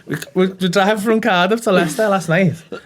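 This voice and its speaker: A man's voice: sits high, brisk. A young British man, a comedian co-hosting a podcast, telling stories in casual chat, sweary and laughing often.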